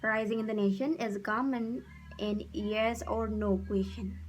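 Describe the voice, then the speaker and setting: Slow-reading young woman presenting a lesson. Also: mid-range voice, fairly even intonation, soft background music, poor audio. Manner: slow, careful reading with restarts. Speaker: student presenter.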